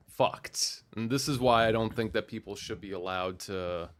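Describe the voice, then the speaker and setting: A young man co-hosting a podcast, chatting casually and telling animated, profane stories. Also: fairly low pitch, moderate pace, hardly any pauses. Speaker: podcast co-host. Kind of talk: casual chat.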